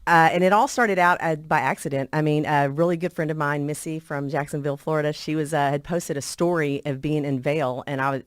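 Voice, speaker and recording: A woman's voice: sits low, fairly even intonation, brisk, few pauses, no echo. Chatty woman, dry close sound. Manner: chatty, storytelling with frequent fillers. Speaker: real estate agent guest. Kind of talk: casual interview talk.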